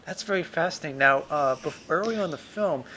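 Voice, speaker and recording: A man playing a fawning interviewer in an improvised comedy sketch, stammering and overly flattering. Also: a little high, quick pace, a little hiss or hum. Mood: earnest. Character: fawning male interviewer, gushing. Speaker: mock interviewer.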